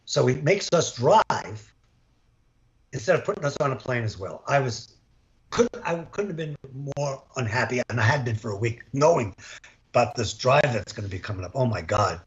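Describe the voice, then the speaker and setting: Older male ex-umpire with a lively storytelling manner who acts out the dialogue; dull video call audio. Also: medium pitch, normal speed. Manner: animated, acts out quoted dialogue. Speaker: former baseball umpire. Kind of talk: storytelling in an interview.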